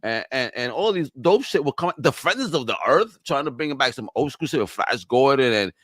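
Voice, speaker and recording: A man's voice: medium pitch, brisk, no room sound. Podcast guy chatting toys and comics, swears a lot, voice jumps all over, dead dry room. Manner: animated, swearing, loose slangy talk. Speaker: podcast co-host. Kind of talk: casual pop-culture chat.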